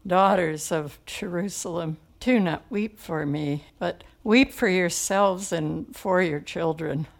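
A woman voicing a calm, compassionate man who speaks gently and solemnly. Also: lowish voice, takes it slowly, creaky, exaggerated voice.

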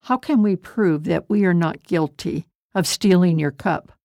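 A woman's voice: fairly low pitch, measured pace, dark tone, no echo, clean studio sound. A woman reading as Judah, a pleading grown man. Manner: earnest, pleading.

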